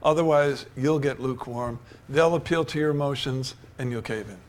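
A man's voice: mid-range voice, normal speed. An older man preaching a sermon, telling stories and building to emphatic declarations. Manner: storytelling, rising to emphatic preaching.

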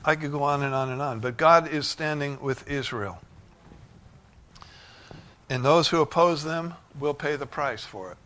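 Male pastor, fervent sermon delivery, bright forward tone, dynamic swings from hush to shouts. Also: unhurried, long pauses. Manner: fervent, rising to shouts of joy then dropping low. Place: church sanctuary.

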